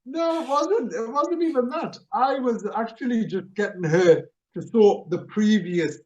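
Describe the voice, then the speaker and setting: High-voiced chuckling man. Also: unhurried, lo-fi sound, slight background noise. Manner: animated storyteller, chuckles at himself. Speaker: radio show host. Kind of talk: casual chat.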